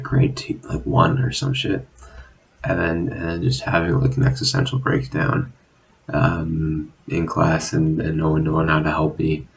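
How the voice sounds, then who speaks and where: A young man talking casually in a rambling, self-deprecating monologue, swearing often and filling pauses with "like" and "um". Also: low-pitched, vocal fry, a bit bright, poor audio. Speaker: vlogger. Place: at home, drinking.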